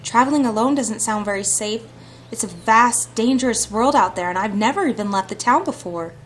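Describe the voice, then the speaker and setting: A woman's voice: a little high, a little fast, a little hiss or hum, close to an everyday voice. A woman reading aloud the lines of a young heroine who longs to escape her stepmother, in an earnest, reflective way. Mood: resolute. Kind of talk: reading visual novel dialogue aloud.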